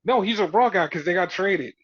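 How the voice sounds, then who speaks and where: A man with a fairly high voice chats through a wrestling recap, swearing freely and acting out what the wrestlers said. The sound is dry and dull, like a lo-fi home recording. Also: fairly quick, breathy edge, no room sound. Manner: profane, animated retelling with mimicked quotes. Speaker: podcast host. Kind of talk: casual wrestling recap chat.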